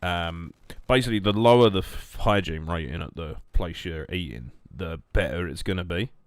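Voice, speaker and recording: A young man with a deep, low voice chats idly over his gameplay. He rambles, cracks jokes and answers his viewers in an easygoing monotone. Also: normal speed, no room sound. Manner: rambling, jokey, reacting to chat. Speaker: streamer. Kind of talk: casual gameplay stream chat.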